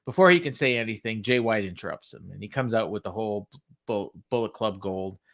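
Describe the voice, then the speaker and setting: A man's voice: fairly low pitch, brisk, fairly bright tone. A man co-hosting a podcast, giving a casual, chatty recap and laughing often as he goes. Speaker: podcast co-host.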